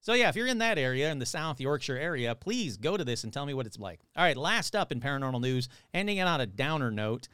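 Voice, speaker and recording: A man's voice: mid-range voice, very animated, fast, hardly any pauses, pushed and bright, clear, resonant tone, dry recording, clean studio sound. A male podcast host reading odd news aloud with sarcastic, irreverent asides. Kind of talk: casual podcast commentary.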